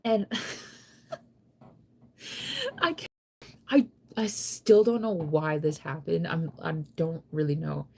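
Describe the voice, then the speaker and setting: A young woman talking casually to her camera, rambling through a story with constant "like" fillers and restarts. Her voice sits a little low for a woman. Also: takes it slowly, creaky, long pauses, a little mellow, slight background noise. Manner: chatty, rambling, heavy use of "like". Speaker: vlogger.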